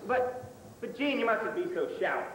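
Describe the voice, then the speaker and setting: A man with a high, animated voice delivers mock film-critic banter, stammering and self-important. The sound comes from an old camcorder tape in a hall with lots of echo and a faint hiss. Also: normal speed. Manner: stammering, pompous. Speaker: student comedy skit performer. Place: stage in a hall.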